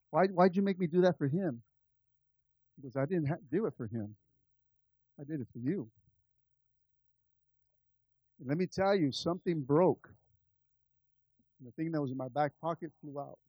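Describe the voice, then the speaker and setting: Animated man preaching a sermon. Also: on the high side, moderate pace, pauses often, husky, no room sound, highs cut off. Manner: animated, swings from soft asides to loud climaxes. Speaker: pastor. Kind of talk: storytelling sermon.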